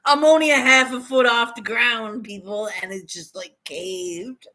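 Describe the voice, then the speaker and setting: A woman's voice: a little high, a little slow. A woman chatting to her livestream viewers, telling a funny story, often laughing and swearing as she goes. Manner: giggly, swears a lot, animated storytelling. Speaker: livestreaming vlogger. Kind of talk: casual storytelling chat.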